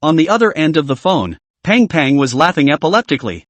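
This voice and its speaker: A man's voice: fairly high pitch, very animated, brisk, a bit bright, dry recording. A man reading a scripted story recap, voicing every character in the same plain narrating voice.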